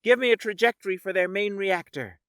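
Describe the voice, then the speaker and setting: A man voicing a calm, focused woman captain giving steady, sharp commands in an audiobook. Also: high voice, fairly quick, smooth, no room sound, clean studio sound, pitched above the performer's own voice.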